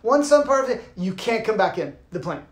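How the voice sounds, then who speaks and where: A man, a yoga teacher, giving an informal talk and telling a lively story, swearing casually and acting out the people in it. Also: high voice, fairly quick. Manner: animated, swears casually, acts out voices. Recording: roomy echo.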